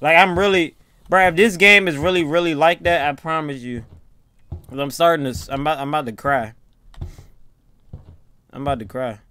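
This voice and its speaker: A man giving jittery, swearing commentary while playing a horror game, muttering one moment and yelling the next. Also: fairly high pitch, fairly quick, clear, resonant tone. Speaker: gaming video creator.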